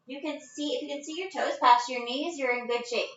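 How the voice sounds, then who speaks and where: A woman's voice: sits high, fairly quick, a bit bright, roomy sound, recorded from a distance, lo-fi sound. A woman leading a live-streamed yoga class from her living room, casual and chatty, a little out of breath. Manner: casual, chatty, breaks into laughs. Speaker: yoga instructor. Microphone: phone set at a distance.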